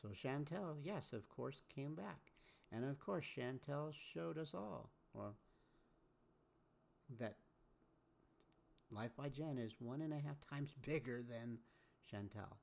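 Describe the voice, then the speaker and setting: A man hosts casual reaction commentary with a gravelly, creaky voice. He scolds and lectures in an everyday register, chiming in with agreement. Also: mid-range voice, lively intonation, slow pace, pauses often, a little mellow. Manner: scolding, repeats catchphrases like 'amen'. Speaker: commentary host.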